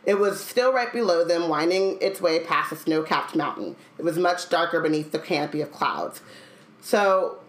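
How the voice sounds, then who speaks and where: A woman's voice: low voice, expressive, moderate pace. A woman co-hosting a casual book podcast, reading passages aloud and joking about them. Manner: reads passages aloud, then riffs with loose jokes. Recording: echoey room.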